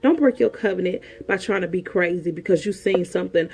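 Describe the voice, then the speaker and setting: A woman's voice: lowish voice, fairly quick, a little mellow, breathy edge. A woman counselor giving frank relationship advice in an emphatic, preachy way, repeating her points. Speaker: sexologist and counselor host.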